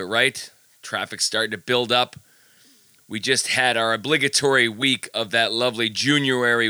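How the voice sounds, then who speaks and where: Guy hosting a podcast, super bright tense voice, dry close mic, jokey and chatty. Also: mid-range voice, smooth, no echo. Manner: chatty, jokey, self-deprecating. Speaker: podcast host. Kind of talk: casual podcast monologue with ad reads.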